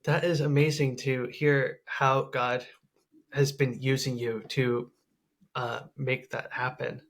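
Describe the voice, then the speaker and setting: A man's voice: medium pitch, level tone, slow, fairly bright tone. A man hosting a podcast interview, mostly giving brief affirming responses. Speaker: podcast host.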